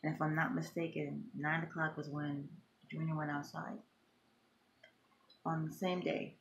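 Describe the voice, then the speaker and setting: A woman's voice: deep voice, level tone, unhurried, creaky, a little hiss or hum. A middle-aged woman vlogging emotionally, talking in an impassioned, repetitive, grieving way. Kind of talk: emotional personal vlog.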